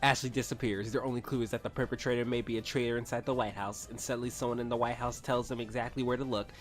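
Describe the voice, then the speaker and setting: A man's voice: medium pitch, fairly even intonation, fast, soft background music. A man reading fanfiction aloud and breaking off for sarcastic, swearing commentary, stumbling over words now and then.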